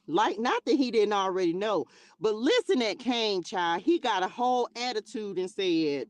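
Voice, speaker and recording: A woman hosting a livestream who reads scripture and adds animated, slangy, joking commentary. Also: mid-range voice, normal speed, no echo. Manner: animated, laughing, slangy asides. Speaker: livestream host reading scripture. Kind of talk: bible reading with casual commentary. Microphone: livestream mic.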